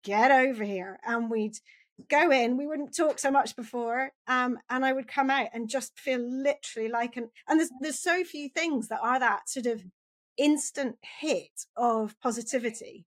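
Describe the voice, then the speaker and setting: A woman's voice: high voice, normal speed. A woman hosting a podcast, asking loose, rambling questions and affirming her guest. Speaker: podcast host. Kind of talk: conversational interview.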